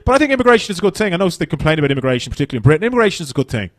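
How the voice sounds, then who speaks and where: A man's voice: fairly high pitch, very animated, racing, no echo, studio quality. An Irish man doing stand-up comedy on a festival stage, brash and profane, rambling through his stories.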